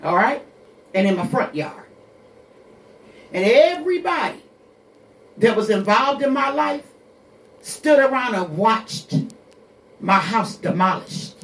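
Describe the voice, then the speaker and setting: A woman's voice: fairly high pitch, sing-song, takes it slowly, pauses often, fairly bright tone, roomy sound, distant mic. A woman in her sixties hosting a radio show, telling her own hard story bluntly, with curses and rhetorical questions. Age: 60s. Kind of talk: candid personal monologue.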